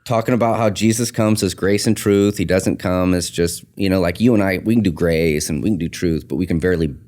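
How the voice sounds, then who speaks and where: A man's voice: low-pitched, a little fast. A man, a tattoo artist and shop owner, telling an earnest story in a casual podcast interview and acting out the dialogue. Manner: earnest, animated retelling with quoted dialogue.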